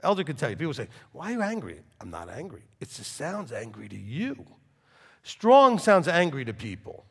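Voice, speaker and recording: A man, a rabbi, preaching to a congregation with intense swings from loud forceful bursts to quiet low talk. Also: wildly swooping pitch, moderate pace, vocal fry, breathy edge, long reverb tail. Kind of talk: sermon.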